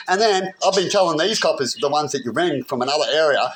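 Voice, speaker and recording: A man's voice: high-pitched, lively intonation, a little fast, few pauses, a bit bright. A man ranting heatedly to camera, rambling and often asking "right?". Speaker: vlogger. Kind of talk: agitated personal rant.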